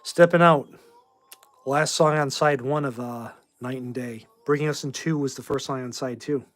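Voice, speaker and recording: A man's voice: mid-range voice, fairly even intonation, moderate pace, soft background music. A tired man in his forties from Massachusetts, hosting a casual livestream and talking bluntly and in rambling fashion as he answers chat. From Massachusetts, USA. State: tired, short on sleep.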